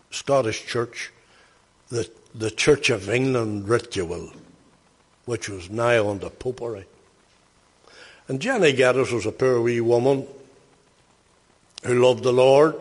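An older man preaches in a storytelling style. His husky voice slips into plain anecdote and then swells into emphatic bursts. The sound rings with the long reverb of a large hall. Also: mid-range voice. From Northern Ireland. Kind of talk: sermon storytelling.

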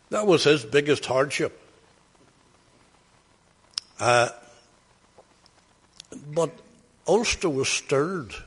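A man's voice: mid-range voice, breathy edge, long reverb tail. An older man, preaching by telling stories in a folksy, anecdotal way that rises to emphatic bursts. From Northern Ireland. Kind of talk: sermon storytelling.

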